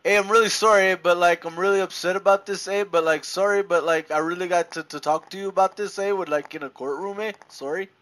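A man doing a raised, sing-song voice for an overly polite exaggerated Canadian, apologizing at every turn and tagging phrases with "eh", a comic put-on in a casual chat. Pitched above a typical man's voice. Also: fairly even intonation, fast talker, hardly any pauses, fairly bright tone. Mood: mock-apologetic.

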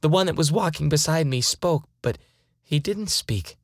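A woman's voice: deep voice, expressive, normal speed, dry recording, clean studio sound. A woman playing a frightened woman taken by aliens, her fearful pleading turning into angry defiance. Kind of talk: dramatized first-person account.

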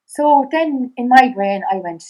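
A woman's voice: on the high side, lively intonation, dark tone, rough recording. Irish woman retelling events in a rush. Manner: fast, halting retelling that acts out past dialogue, with many restarts. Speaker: podcast guest. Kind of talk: personal storytelling in conversation.

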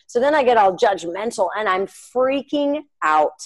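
A woman's voice: on the high side, animated, measured pace, few pauses, rough recording. A woman co-hosting a podcast, telling a personal faith story in an earnest, chatty way, full of fillers and asides to her listeners. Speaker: podcast co-host.

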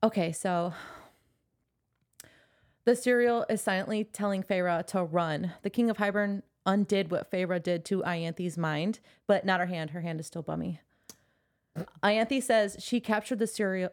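Young woman gushing thru a book recap on a podcast, chatty, laughs a lot, swears for fun. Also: on the low side. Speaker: podcast co-host. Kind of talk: casual book discussion podcast.

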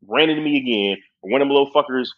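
A man's voice: medium pitch, rapid-fire, phone-quality sound. A young man telling a story in casual, profane chat, laughing often.

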